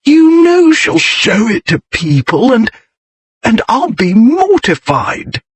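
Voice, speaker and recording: A man voicing a flustered, petulant young gentleman who whines and shouts in high, pleading bursts. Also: wildly swooping pitch, slow pace, husky, no room sound, heavily acted. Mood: indignant whining. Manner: shrill, pleading outbursts.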